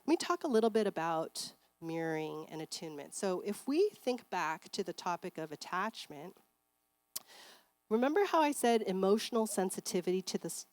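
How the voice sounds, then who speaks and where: A middle-aged woman giving a church seminar talk on parenting, chatty and animated, acting out parents and kids in bright voices. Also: on the low side, dry recording. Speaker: seminar speaker.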